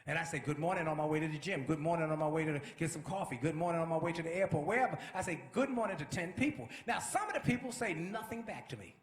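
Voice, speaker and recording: A man giving a motivational speech with an energetic, preacher-like delivery that builds to shouts. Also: on the high side, fast talker, hardly any pauses, reverberant. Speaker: motivational speaker. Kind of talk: inspirational speech.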